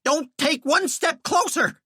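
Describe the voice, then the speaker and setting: A man's voice: takes it slowly, pushed and bright, no room sound, studio quality, exaggerated voice. A man voicing a short, panicky man who shrieks and screeches in terror. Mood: panicked shrieking. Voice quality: shrill, screeching.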